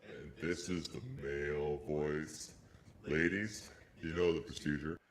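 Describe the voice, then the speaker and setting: A man talking through a pitch-lowering voice-changer preset, joking in a mock-seductive way. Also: steady tone, unhurried. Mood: mock-suave. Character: deep "male voice" preset of a mic voice changer.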